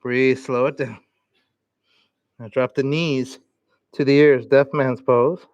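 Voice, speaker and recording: A male yoga teacher talks a class through poses and breaths in a calm, easygoing, encouraging way. His voice sits at an ordinary middle pitch. It is recorded dry and close, with no room echo. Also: slow pace, lo-fi sound. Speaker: yoga instructor.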